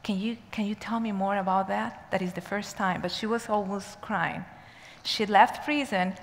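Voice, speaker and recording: A woman's voice: medium pitch, slight background noise. Earnest woman preaching in reverberant church. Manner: earnest, emphatic storyteller, pace shifting between rushed and slow. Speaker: church speaker. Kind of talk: sermon with personal storytelling. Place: church sanctuary. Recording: long church hall reverb.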